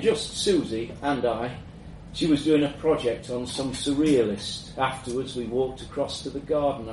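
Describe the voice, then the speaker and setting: A man reading a first-person story aloud in a measured, reflective way. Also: mid-range voice, a little mellow. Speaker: narrator. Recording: roomy echo, mic at a distance, faint background hum.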